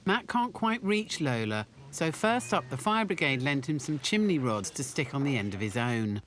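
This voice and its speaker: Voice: medium pitch, big pitch swings, normal speed, a little hiss or hum. A documentary narrator with a playful, punning delivery, reading a scripted voice-over. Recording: voice-over with loud music bed.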